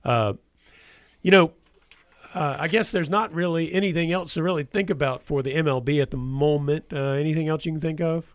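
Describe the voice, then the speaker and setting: Guy hosting local sports radio, kinda high voice, rambly, dry studio sound. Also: fairly quick, no room sound. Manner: rambling, hesitant, many restarts. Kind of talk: casual sports talk.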